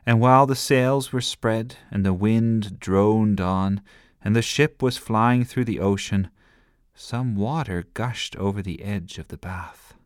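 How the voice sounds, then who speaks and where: A man reading a bedtime story aloud in a gentle, lively storytelling manner. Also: on the low side, slow pace, clear, resonant tone, no echo, clean studio sound.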